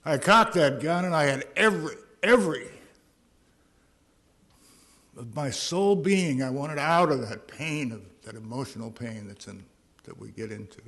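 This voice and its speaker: A man's voice: medium pitch, normal speed, fairly bright tone. A middle-aged man telling his personal recovery story from a podium, earnest and at times wry. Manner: earnest storytelling with dry humor. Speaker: recovery meeting speaker.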